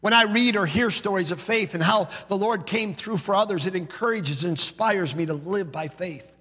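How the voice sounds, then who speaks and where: A man's voice: high voice, normal speed, sharp tone, husky, long reverb tail. A male pastor preaching a sermon, emphatic, building his points through rhythmic repeated lists.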